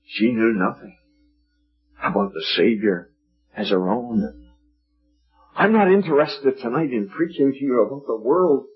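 At a gospel meeting, a man preaches an evangelistic sermon in a medium-pitched, slightly rough voice. He is emphatic and lingers on repeated phrases, at times dropping to a hush. The recording is dull and lo-fi.

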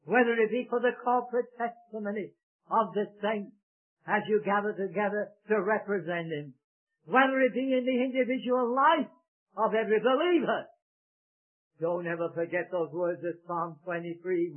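Fervent preacher man, phone-like audio. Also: sits high. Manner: fervent, rising to shouts, with fillers and self-corrections. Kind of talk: sermon. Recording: tinny phone-like recording.

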